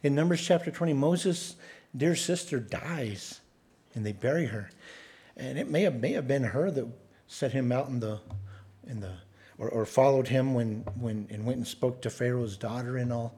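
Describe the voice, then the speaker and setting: A man's voice: medium pitch, moderate pace, dark tone, breathy edge. A man preaching a conversational sermon, reading scripture aloud and adding sarcastic asides.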